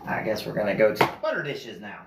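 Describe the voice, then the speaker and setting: A man's voice: lowish voice, very animated, brisk. Rambling, chatty man in a noisy, echoey kitchen. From Illinois. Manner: rambling, chatty, self-amused, sings off-key snippets. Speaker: vlogger. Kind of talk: casual cooking vlog chat. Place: home kitchen.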